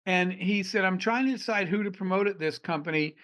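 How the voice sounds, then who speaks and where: A middle-aged man from Arizona, an entrepreneur guest on a podcast, telling animated stories and acting out the dialogue. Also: high-pitched, brisk. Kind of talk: storytelling in a podcast interview.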